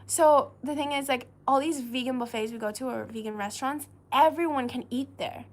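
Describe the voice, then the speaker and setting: A woman's voice: sits high, fairly quick. A woman hosting a casual chat, chatty and full of questions, laughing often. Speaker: host.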